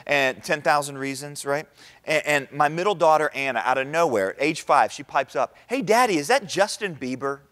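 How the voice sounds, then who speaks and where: A middle-aged man delivers a talk in church with a somewhat high voice. He keeps it conversational, checking in with the crowd with quick questions. His delivery is animated, swinging up and down in pitch. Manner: conversational, asks the audience questions. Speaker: speaker at a church event. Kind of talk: sermon-style talk.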